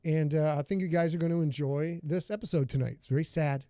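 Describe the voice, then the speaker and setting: A man hosts a laid-back livestream from his home studio, rambling and calling out viewers by name. His voice sits a little high, with a warm, mellow tone. The sound is dry and close-miked, with no room echo. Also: steady tone, quick pace. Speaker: podcast host and author. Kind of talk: casual livestream chat.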